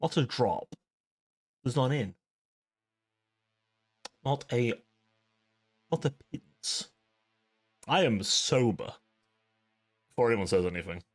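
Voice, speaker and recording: A man's voice: medium pitch, expressive, slow, long pauses, faint music behind. A young man hosting a live stream, chatting casually with his chat, rambling and laughing at himself. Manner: giggly, rambling, self-deprecating. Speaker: livestream host.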